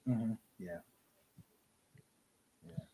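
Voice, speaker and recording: A man's voice: very slow, mellow. A man hosting a casual chat, agreeing often and urging his guest along. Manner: agreeable, lots of back-channel replies.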